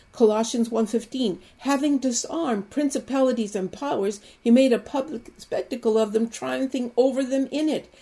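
A woman preaching an Easter sermon with fervent, emphatic repetition that builds to loud exclamations. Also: medium pitch.

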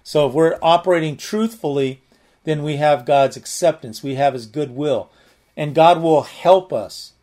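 A man with a slightly higher voice leads a casual, unscripted Bible study. He talks earnestly and plainly, circling back with restarts and filler as he works through a verse. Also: unhurried, mellow. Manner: rambling, many restarts and "you know" fillers. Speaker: Bible teacher. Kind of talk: conversational Bible teaching.

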